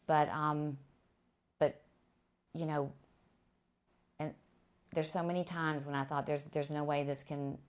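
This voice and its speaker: A woman guest speaking earnestly about her faith on a talk show, halting, with many restarts. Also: low-pitched, flat delivery, smooth. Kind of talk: faith testimony interview.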